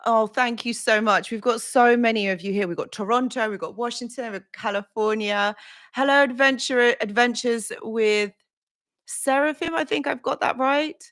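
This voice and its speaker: A woman's voice: a little high, moderate pace, fairly bright tone. Flustered, effusive woman hosting a live stream. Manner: flustered, effusive, greets viewers by name. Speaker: live stream host, relationship coach. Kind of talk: casual live stream chat.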